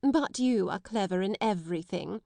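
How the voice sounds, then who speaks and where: A woman voicing a stern, stately headmistress who speaks in a severe, loud manner in a storybook reading. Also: mid-range voice, lively intonation, moderate pace, creaky, no echo.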